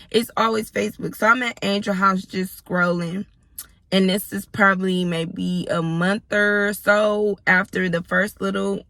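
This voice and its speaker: A woman in her thirties telling an animated, profane storytime vlog, speaking straight to her viewers. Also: medium pitch, dry recording. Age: 30s. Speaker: storyteller vlogger. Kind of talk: casual storytime.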